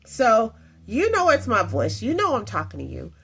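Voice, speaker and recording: A woman's voice: a little high, huge pitch swings, moderate pace, gravelly, fairly bright tone, slightly rough. A woman hosting and commenting on a clip of faith teaching, talking reflectively with many fillers and asides.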